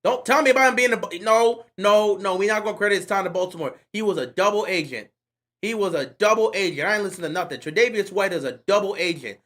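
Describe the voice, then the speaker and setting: Man, livestream host, game watch-along commentary, exasperated slangy ranting, high pitch. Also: fast talker, fairly bright tone.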